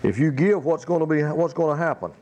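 A man preaching a sermon, reading scripture slowly and then explaining it in plain, emphatic spoken style. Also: fairly high pitch, animated, darkish tone, dull audio.

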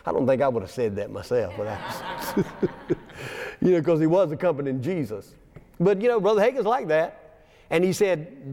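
This man's voice is high-pitched and a little mellow, with lively intonation and a slightly fast pace. He's preaching in a church sanctuary in a folksy style, reading scripture aloud and chuckling through stories, all carried by long church reverb.

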